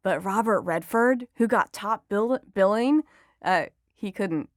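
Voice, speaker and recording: A young adult woman, a reporter guest on a podcast interview, talking in a chatty, enthusiastic way with quick asides. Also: medium pitch, no echo, studio quality. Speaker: entertainment reporter and author guest.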